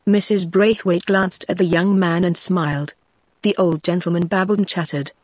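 A woman's synthetic voice with a British accent, narrating an audiobook in an even, mechanical delivery. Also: lowish voice, moderate pace, no echo.

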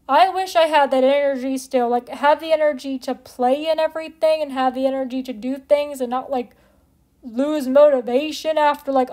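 Young woman vlogger, high bright voice, chatty, filler-heavy, playful overstatement. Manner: chatty, peppered with "like", playful exaggeration. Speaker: channel host. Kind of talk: casual vlog talk to viewers.

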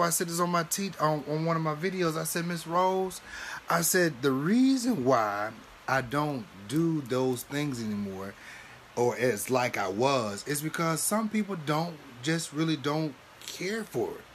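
Animated man preaching to live viewers. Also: on the high side, moderate pace, slight background noise. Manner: animated, laughs often, calls listeners baby and honey. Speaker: livestream host and minister.

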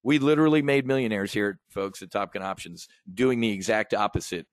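A middle-aged man giving a brash, swaggering sales pitch monologue as a trading educator, telling stories with profanity and talking straight to his audience as folks. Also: fairly quick, no room sound.

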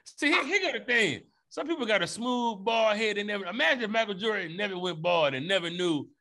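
Brief: male podcast co-host, slightly high, bright and forceful, profane joker. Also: expressive, a little fast. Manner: joking, profane, riffing on bits. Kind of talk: casual comedic debate chat.

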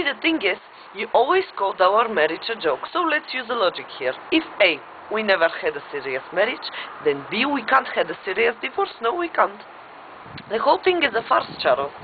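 A jilted wife, bitterly joking one breath and pleading the next, played by a woman in a stage monologue. Her pitch swings widely as she moves between mockery and near tears. The sound is tinny and thin, as though it came over a phone line, with clear background noise. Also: natural voice. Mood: bitterly sarcastic. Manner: swings between sarcastic jokes and tearful pleading. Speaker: actress performing a monologue.

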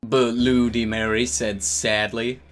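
A man's voice: medium pitch, flat delivery, slow. A man co-narrating a fanfic in a comedic dramatic reading, in a dry, matter-of-fact way. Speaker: co-reader.

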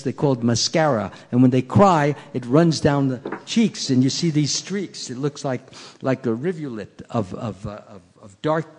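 A man giving a sermon, telling a story in an animated way and acting out its scenes, recorded in a temple hall. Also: mid-range voice. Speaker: preacher. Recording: reverberant hall.

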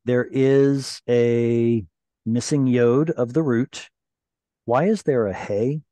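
Mellow-voiced man teaching Hebrew. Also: mid-range voice, slow pace, no echo. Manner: patient, explanatory. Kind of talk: online class discussion. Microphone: video call.

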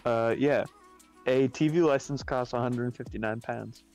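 A man's voice: medium pitch, a little slow, a little mellow, faint music behind. Dry matter-of-fact young man. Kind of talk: casual chat.

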